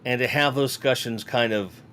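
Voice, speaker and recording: A man's voice: medium pitch, normal speed, fairly bright tone, a little hiss or hum. A man hosting a live toy-collecting show, chatting casually and rambling while reading viewer comments aloud. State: yawning. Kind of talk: casual live-stream chat. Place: home room with toy shelves behind.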